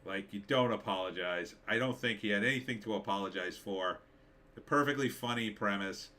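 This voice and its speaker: Guy reading chat on his live stream, low voice with a bright edge, blunt and opinionated. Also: brisk. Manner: blunt, dismissive, opinionated, many fillers.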